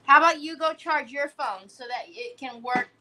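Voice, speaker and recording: A woman's voice: sits high, moderate pace, bright, forceful tone. A woman hosting a crafting livestream in casual chat, playfully teasing and fondly scolding a pet while she works.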